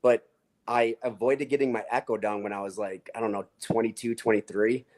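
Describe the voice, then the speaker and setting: A man co-hosting a casual chat, telling a personal story in a relaxed way and dropping "dude" into his sentences. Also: fairly low pitch, a little fast. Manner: relaxed, easygoing, says "dude" often.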